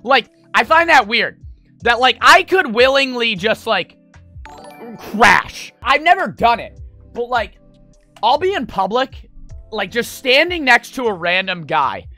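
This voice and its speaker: A young man spins a rambling, profane story for his audience, his high voice swinging up and down with excitement. The sound is bright and close, with no room echo, and faint music plays underneath. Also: a little slow. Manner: rambling, animated, swears a lot, many "like" fillers. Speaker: streamer. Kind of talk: casual storytelling chat.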